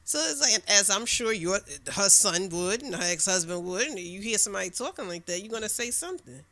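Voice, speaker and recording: A woman co-hosting a podcast in casual chat, an animated storyteller who makes her point with emphatic rhetorical questions. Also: mid-range voice, fairly quick, no room sound. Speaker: podcast co-host.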